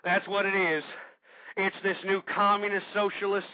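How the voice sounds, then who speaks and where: A man hosting a talk radio show, delivering an impassioned rant that breaks into shouting and swearing. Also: high-pitched, flat delivery, moderate pace, no echo. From United States. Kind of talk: political talk radio monologue. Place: cold room. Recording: tinny phone-like lo-fi internet radio.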